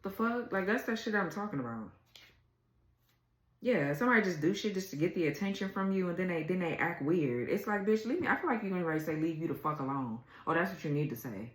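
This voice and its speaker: Low-pitched lady reading tarot, cussing a lot, sounds fed up, roomy echo. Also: expressive, fairly quick. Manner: blunt, profane and exasperated. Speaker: tarot reader.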